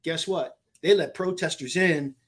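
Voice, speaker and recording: A man's voice: a little high, a little slow, fairly bright tone. A man co-hosting a podcast, telling a travel story in casual chat and acting out the conversations he quotes. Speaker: podcast co-host.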